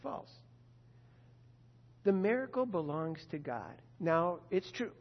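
A man's voice: high voice, very animated, takes it slowly, long reverb tail, lo-fi sound. A man preaching a sermon in an earnest, conversational way, asking his listeners direct questions.

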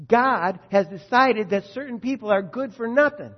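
A man preaching a sermon, swinging between loud emphasis and quiet asides. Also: very high-pitched, moderate pace. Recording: dull audio with long hall reverb.

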